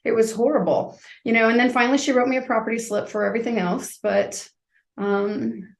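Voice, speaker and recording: A woman in her fifties tells her story as a podcast guest. She is a lively storyteller who acts out each scene, heard in a roomy, echoing space. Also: fairly high pitch, brisk, gravelly.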